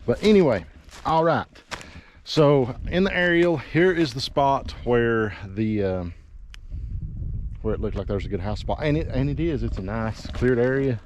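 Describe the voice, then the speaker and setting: A medium-pitched man speaks unhurriedly with long pauses against slight background noise. He's a real estate agent nursing a cold, winded from climbing and sniffling as he strolls through wooded riverside land for a walking property tour vlog. His commentary is casual, folksy, and meandering, with plenty of fillers.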